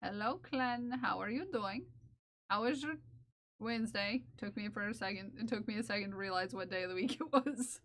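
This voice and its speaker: A woman's voice: medium pitch, moderate pace, fairly bright tone. A woman streaming live while knitting, chatting casually and playfully with her viewers and her cat, laughing often.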